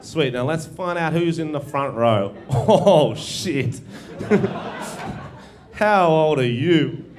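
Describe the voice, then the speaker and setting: A young Australian man performing stand-up comedy on stage, animated and swearing, often laughing at his own stories. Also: a little high, extremely slow. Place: theatre stage with live audience.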